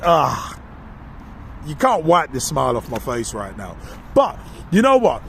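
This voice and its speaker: A man co-hosting a podcast, delivering a casual, animated and mocking football opinion monologue. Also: medium pitch, unhurried, creaky, slight background noise. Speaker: podcast co-host.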